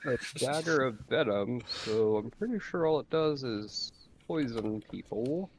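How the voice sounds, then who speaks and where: A man's voice: mid-range voice, expressive, unhurried, a little hiss or hum. A man playing a tabletop game, talking casually and joking. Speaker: player.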